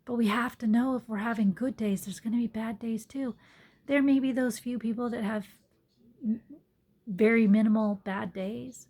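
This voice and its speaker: Husky, mellow-voiced woman musing earnestly. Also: on the high side, fairly even intonation, moderate pace. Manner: earnest, soft-spoken, drops to whispered asides. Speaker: yoga teacher. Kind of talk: reflective personal monologue. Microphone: phone.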